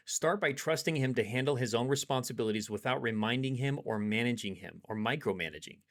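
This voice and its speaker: Man, dating coach, steady instructional monologue, calm coaching tone, mid-range pitch.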